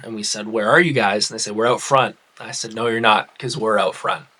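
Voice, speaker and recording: A man casually telling a funny personal story to his viewers, in a chatty, animated way. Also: medium pitch. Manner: chatty, animated retelling with fillers. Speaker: storyteller vlogger.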